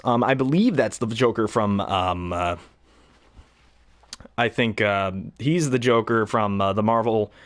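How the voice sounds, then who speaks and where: A young man chatting casually about voice acting, rambling with lots of fillers and laughs. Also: on the low side. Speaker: hobby voice actor. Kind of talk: casual chat.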